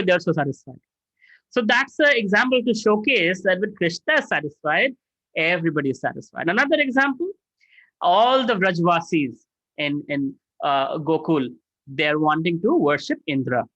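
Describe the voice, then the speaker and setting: Animated male scripture storyteller. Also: fairly high pitch, no echo, lo-fi sound. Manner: animated, dramatizing, frequent "right?". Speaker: spiritual teacher.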